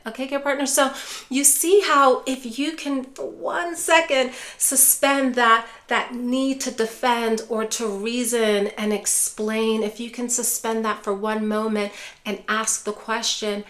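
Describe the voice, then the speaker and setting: Calm woman teaching dementia caregivers. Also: fairly high pitch, unhurried. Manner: calm, repeatedly addresses viewers as care partners. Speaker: dementia care educator. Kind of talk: direct-to-camera teaching.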